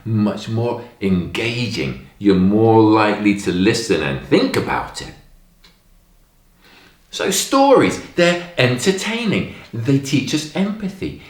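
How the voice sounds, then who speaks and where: A man telling stories to young children in a lesson, expressive and emphatic, acting out the lines in a story. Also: medium pitch, echoey room.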